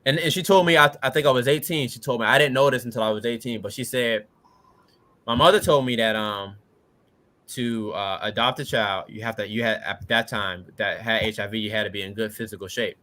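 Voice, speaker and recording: Bright-voiced young man telling his story. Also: fairly low pitch, a little fast. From Washington DC. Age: late 20s. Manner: relaxed, earnest, peppered with "you know what I'm saying". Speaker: podcast guest. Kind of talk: casual storytelling.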